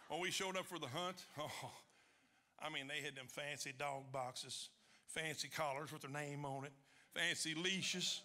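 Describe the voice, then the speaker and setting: A man spins a folksy hunting yarn on stage, his voice high and piercingly bright. He hams up the quoted lines and raises his voice on the punchlines. A faint hiss sits under the recording. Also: unhurried. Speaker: storyteller. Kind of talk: live comic storytelling. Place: hall before a large audience.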